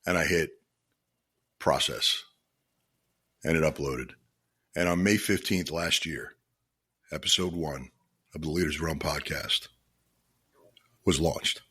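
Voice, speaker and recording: A middle-aged man talks through a personal story on his solo podcast. His voice is very deep and husky. He speaks earnestly and from the heart, often restarting his sentences. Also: slow pace, long pauses, pushed and bright. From Florida. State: choked up with emotion. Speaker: podcast host. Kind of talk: reflective solo podcast monologue.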